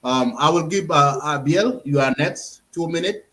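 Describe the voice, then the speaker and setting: A man hosting and moderating an online discussion, handing out speaking turns with frequent repeats and pauses. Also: on the high side, a bit bright, a little hiss or hum, rough recording. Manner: halting, repeats words while handing out turns. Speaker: host and moderator. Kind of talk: moderating an audio-room discussion.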